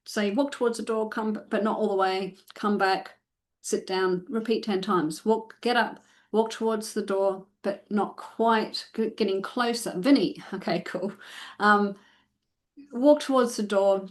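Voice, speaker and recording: Woman giving step-by-step dog training advice. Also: mid-range voice. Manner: step-by-step instructive, many restarts and fillers. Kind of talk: live Q&A advice.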